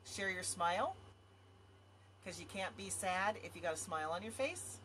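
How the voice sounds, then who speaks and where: A woman's voice: lowish voice, animated, moderate pace, fairly bright tone, slight background noise. A woman vlogging to her viewers in casual talk, effusive and rambling. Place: home area in Montana.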